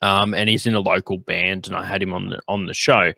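Aussie guy hosting a podcast, low voice, bright and punchy, dry sound, lots of ums and likes. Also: flat delivery, fairly quick, gravelly, no echo. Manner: rambling, lots of fillers, laughs often. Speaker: podcast host. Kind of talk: casual chat.

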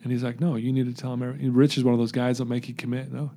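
Male guest, earnest storyteller, dark gravelly tone, voices each person in his tale. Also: mid-range voice, little pitch movement, very fast, a little hiss or hum. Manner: recounts events by acting out quoted dialogue; earnest, emotional. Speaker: podcast guest.

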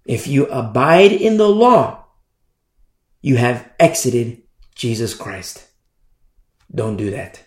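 A man's voice: medium pitch, expressive, unhurried, darkish tone, echoey room. A man preaching a sermon in an emphatic way, repeating phrases and often asking "you see?".

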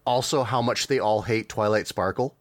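A man's voice: fairly low pitch, normal speed, no room sound. Chatty man hosting a podcast, dry mic. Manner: rambling, chatty, frequent fillers and laughs. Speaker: podcast host. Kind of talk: casual podcast chat reviewing cartoons.

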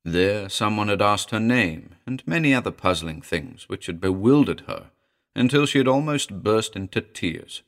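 A low-voiced man reads a classic horror tale aloud, expressive and suspenseful. His delivery rises and falls dramatically across each sentence. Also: moderate pace. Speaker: narrator. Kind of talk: dramatic audiobook reading.

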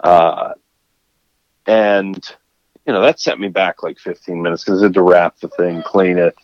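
Speaking low and unhurried, a fishing charter man spins a casual story in a podcast chat, animatedly acting out what people said. The recording is lo-fi and has no room sound.

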